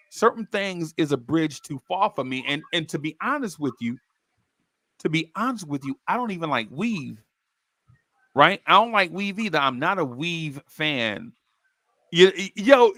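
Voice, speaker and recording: A man hosting a casual podcast chat, telling animated stories and laughing easily. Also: a little high, no echo. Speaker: podcast host.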